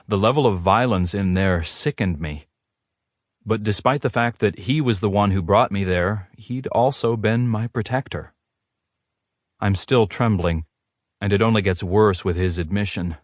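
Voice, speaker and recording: Male audiobook narrator, lowish voice, unhurried and steady. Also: dry recording, studio quality. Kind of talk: scripted narration.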